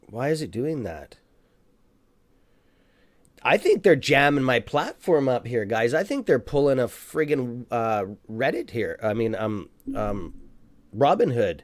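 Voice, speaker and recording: A man hosting a live stock-trading stream who talks excitedly as he buys shares, then mutters and swears at his trading app. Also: mid-range voice, measured pace, pauses often, no echo. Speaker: stock trading livestream host. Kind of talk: live market commentary.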